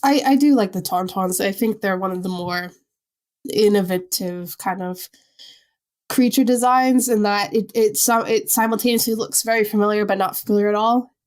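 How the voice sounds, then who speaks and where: A woman's voice: medium pitch, normal speed. Chatty Long Island woman podcaster. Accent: Long Island New York. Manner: chatty, animated, laughs easily. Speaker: podcast co-host. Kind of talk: casual podcast chat.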